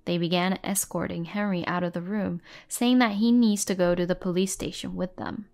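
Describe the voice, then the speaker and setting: Gravelly-voiced woman narrating a story. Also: lowish voice, steady tone, normal speed, darkish tone. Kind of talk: scripted first-person story narration.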